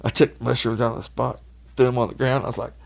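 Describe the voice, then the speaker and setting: A gravelly-voiced man with a drawl tells loose, rambling stories over a casual podcast chat. He laughs a lot and turns loud and high when he mimics the people in his tales. His pitch sits in a plain middle range. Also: flat delivery, fast talker. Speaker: podcast guest.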